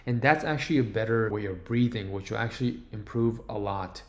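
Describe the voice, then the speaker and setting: A man's voice: fairly low pitch, a little fast, darkish tone. Casual man, roomy echo. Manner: casual, rambling, lots of fillers and restarts. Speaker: voice coach. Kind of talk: casual video lesson. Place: home room with a guitar.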